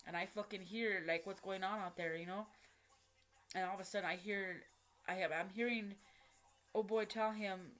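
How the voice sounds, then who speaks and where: A woman telling a personal story straight to camera, blunt and heavily profane, halting and restarting as she goes. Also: mid-range voice, fairly even intonation, fairly bright tone. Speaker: vlogger recounting a personal story.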